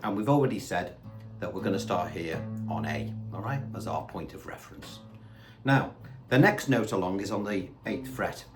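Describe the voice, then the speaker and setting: A man's voice: deep voice, animated, moderate pace. A man giving a casual guitar lesson, talking in a chatty way and asking rhetorical questions. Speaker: guitar teacher. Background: faint guitar and backing tracks.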